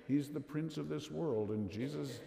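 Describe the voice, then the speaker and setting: A man giving an earnest, measured homily at Mass as a Catholic priest, asking rhetorical questions. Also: a little high, vocal fry, dark tone. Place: church. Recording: echoey church with long reverb.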